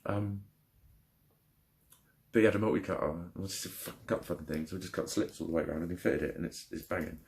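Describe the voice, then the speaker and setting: A man's voice: low-pitched, fast, gravelly, long pauses, darkish tone. Frustrated man ranting. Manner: angry, frustrated, heavy swearing. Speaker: vlogger. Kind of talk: ranting vlog.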